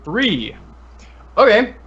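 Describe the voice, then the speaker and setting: A man playing a tabletop game, eager and quick in bursts of rules talk. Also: high-pitched, sing-song, sharp tone, slightly rough. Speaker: player. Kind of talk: casual tabletop game play. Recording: dull lo-fi mic.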